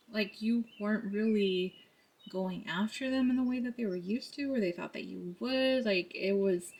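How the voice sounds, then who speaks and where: A woman's voice: medium pitch, a little mellow. A woman giving a casual tarot reading to camera, chatty and laughing often as she talks through the cards. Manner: chatty, laughs often, quotes others in put-on voices. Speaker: tarot card reader.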